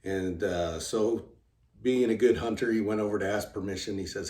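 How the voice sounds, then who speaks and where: A man, the channel's host, telling a joke casually in a halting, rambling way full of fillers. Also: fairly low pitch, darkish tone. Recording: roomy sound from a distant mic.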